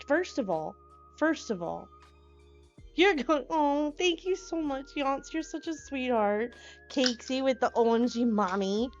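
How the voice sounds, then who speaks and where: Bubbly woman streamer, slightly high voice, scattered chat, dull lo-fi audio with faint music. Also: lively intonation, slow pace. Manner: bubbly, scattered, often squeals greetings. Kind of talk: casual live-stream chat.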